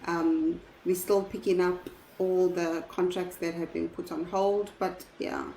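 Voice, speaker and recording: A woman's voice: lowish voice, level tone, unhurried, creaky, mellow. Woman, business owner, guest on a call; reflective, restarts her sentences; echoey room with light noise. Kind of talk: casual conversational interview answers.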